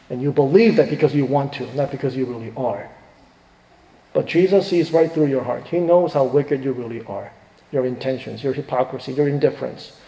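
A middle-aged man, a pastor, preaching a sermon with emphatic swings between hushed and rising delivery. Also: medium pitch. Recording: echoey hall with long reverb.

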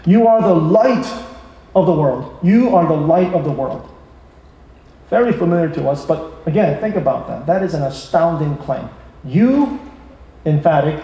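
A man's voice: high-pitched, dark tone. Man preaching in an echoey hall. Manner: emphatic, rising and slowing for stress. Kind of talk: sermon.

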